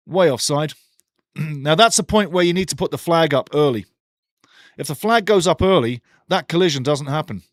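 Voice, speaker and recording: Brief: male watchalong host, excited play-by-play with low opinionated asides, fairly high voice, dry close mic. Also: no echo. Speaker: watchalong host commentating a match. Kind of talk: live match commentary with chat replies.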